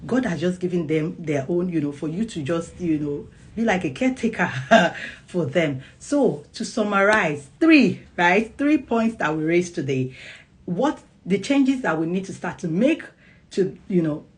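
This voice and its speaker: A woman speaks casually to her camera with a somewhat low-pitched voice. She is animated, slipping into playful acted-out lines and frequent laughs. She sounds like a child psychologist giving friendly parenting advice. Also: measured pace. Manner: animated, acts out quotes, laughs often. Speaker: parenting vlogger.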